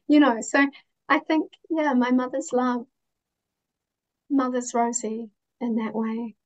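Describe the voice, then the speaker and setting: Gentle, heartfelt woman with a higher, even voice. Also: slow pace, long pauses, lo-fi sound. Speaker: interview guest. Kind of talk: reflective interview conversation.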